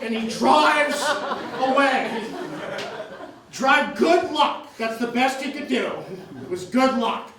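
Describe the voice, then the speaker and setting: Male stand-up comic, high voice, animated teller who laughs through his lines, club stage sound picked up from afar. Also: takes it slowly, echoey room, far from the mic, crowd noise, poor audio. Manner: animated storytelling, often laughing mid-line. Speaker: stand-up comedian. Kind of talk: stand-up comedy set. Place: comedy club stage before a live audience.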